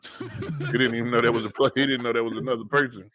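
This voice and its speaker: A man co-hosting a sports podcast who jokes casually and pauses on fillers as he talks. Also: medium pitch, fairly even intonation, a crowd in the background. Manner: joking, halting with fillers. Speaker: podcast co-host.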